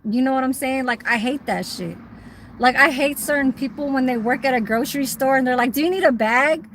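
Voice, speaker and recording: A woman's voice: sits high, brisk, a bit bright, slight background noise, low-quality recording. A woman chatting on a livestream in a rambling, swearing way, with many fillers and restarts. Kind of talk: casual livestream chat.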